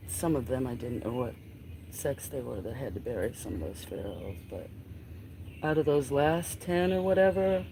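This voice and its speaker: A livestream host chatting casually with viewers, switching to soft baby talk and hushed whispers for a kitten, outdoors near home. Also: medium pitch, slight background noise. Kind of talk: casual live stream chat.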